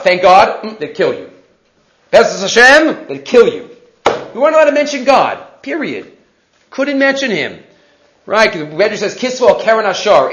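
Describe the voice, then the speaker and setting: A man's voice: high-pitched, fairly bright tone. A man teaching a Torah class as a rabbi, reading Hebrew sources and explaining them with rhetorical questions. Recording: dull lo-fi recording.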